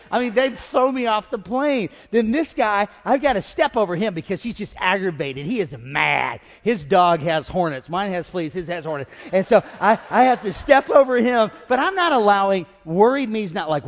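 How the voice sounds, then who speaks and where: A male pastor preaching a humorous storytelling sermon, animated and joking, rising into loud exhortation. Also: high voice, normal speed, in a large hall, dull audio. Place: church with congregation.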